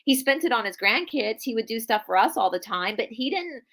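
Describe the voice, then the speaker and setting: A woman's voice: on the high side, animated, a little fast, a bit bright. Earnest woman telling a family story. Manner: earnest storytelling with many restarts. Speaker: podcast co-host. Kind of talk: casual live-stream chat. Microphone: video call.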